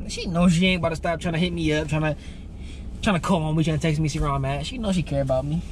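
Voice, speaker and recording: A man's voice: fairly high pitch, fast talker. A young man chatting to his viewers in a casual prank vlog, talking slangy and laughing often, recorded on a camera inside a car. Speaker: prank vlogger. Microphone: GoPro camera in the car. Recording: car and road noise behind.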